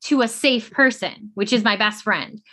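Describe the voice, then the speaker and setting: A woman co-host in her thirties talks frankly in a casual podcast. Her voice sits a little high with a bright, forward tone. She acts out little quoted scenes as she explains. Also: animated, normal speed. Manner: candid, acts out quoted examples.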